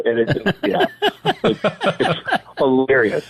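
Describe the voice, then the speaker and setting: A man's voice: medium pitch, normal speed, rough recording. A man, a stand-up comedian, telling stories with impressions and laughing along. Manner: animated, laughing storyteller. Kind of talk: storytelling with impressions.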